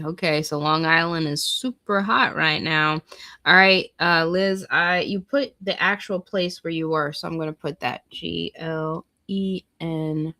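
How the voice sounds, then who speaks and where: This is a woman hosting a relaxed livestream. She takes her time, drawing her words out while she reads weather forecasts aloud and chats directly with her viewers. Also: low voice. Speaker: livestream host. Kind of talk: casual livestream chat.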